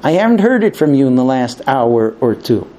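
A man giving a lecture, animated, acting out quoted exchanges in raised voices. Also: mid-range voice, moderate pace, slight background noise. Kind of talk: spoken lecture to an audience.

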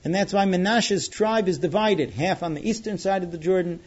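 A man teaching students, retelling a Bible story in an animated way and acting out the characters' lines. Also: sits high, normal speed, lo-fi sound. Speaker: Torah teacher.

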